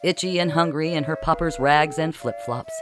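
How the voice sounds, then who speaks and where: A narrator reading a comic time-travel story with a wry, deadpan delivery. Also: mid-range voice, normal speed, music in the background.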